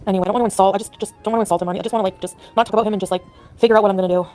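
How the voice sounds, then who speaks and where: Upset woman on a livestream, rambling super fast, faint music behind. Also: mid-range voice, fairly even intonation, darkish tone. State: distressed. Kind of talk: casual live chat.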